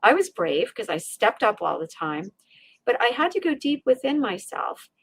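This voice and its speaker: A middle-aged woman, a resilience coach, telling an emotional personal story as a podcast guest, animated and acting out her inner voices with frequent restarts. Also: fairly high pitch, normal speed, husky, no room sound.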